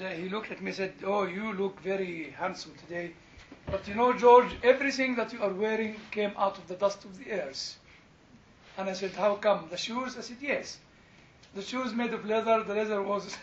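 Older man lecturing, high bright voice. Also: a little hiss or hum. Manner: anecdotal, digressive, laughs often, many "you know" fillers. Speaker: theology lecturer. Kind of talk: informal lecture with class interaction. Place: classroom. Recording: dull, roomy lecture-hall recording.

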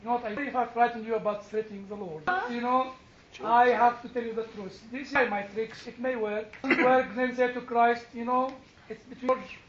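A man's voice: very high voice, fairly even intonation, brisk, a little hiss or hum. A male pastor preaching a chatty, humorous storytelling sermon and addressing his listeners directly. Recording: dull lo-fi recording.

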